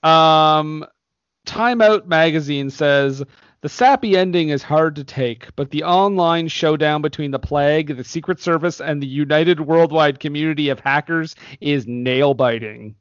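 A man's voice: on the high side, a little slow, clear, resonant tone, no echo, lo-fi sound. A man hosting a casual movie podcast, laughing often as he reads reviews aloud. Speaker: podcast host.

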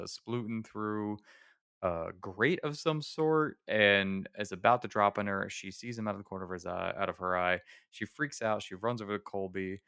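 A man co-hosting a podcast, rambling through a movie scene with laughs and quick bursts of acted-out dialogue. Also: low-pitched, creaky, bright, forceful tone, smooth, no echo, studio quality. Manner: rambling, laughing, acts out characters' lines. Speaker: podcast co-host. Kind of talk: casual chat recapping a movie.

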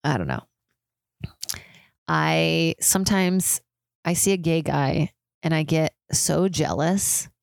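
A woman's voice: animated, slow pace, vocal fry, long pauses, no room sound. A young woman hosting a casual solo podcast, chatty and swearing, peppered with "like". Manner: mimics others in high squealing voices. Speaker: podcast host.

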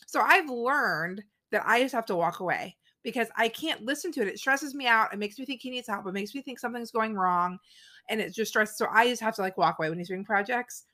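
A woman's voice: a little high, a little fast. A woman in her thirties co-hosting a podcast, chatting casually and peppering her stories with "like". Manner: chatty, peppered with "like", animated quoting. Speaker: podcast co-host. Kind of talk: casual chat.

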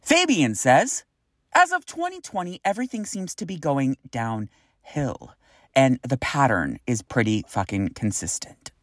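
A woman's voice: a bass voice, big pitch swings, measured pace, background noise. A woman hosting a podcast, reading listener messages in a blunt, casual way, swearing freely and sighing in exasperation. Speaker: podcast host.

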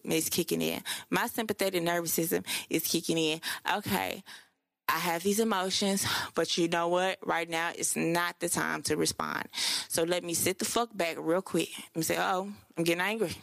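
A young woman hosts her podcast in a loose, chatty way, swearing freely and piling on fillers. Her voice sits low with a heavy gravelly fry, and the recording is close and dry. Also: a bit bright, no echo. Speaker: podcast host. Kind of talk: casual solo podcast talk.

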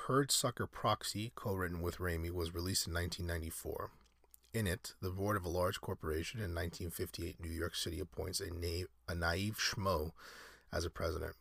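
Man, very low voice, husky, casual reading with digressions, dry sound. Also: fairly bright tone, no room sound. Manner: rambling, digressive, self-correcting. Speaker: solo podcaster. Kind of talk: reading aloud with casual asides.

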